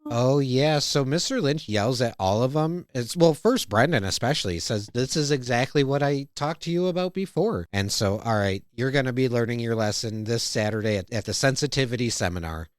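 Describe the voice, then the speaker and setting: A man's voice: mid-range voice, animated, normal speed, few pauses, dry recording. A man hosting a podcast, casually recapping a cartoon episode and acting out the lines. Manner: retells scenes, acting out quoted lines. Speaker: podcast host. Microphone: studio mic.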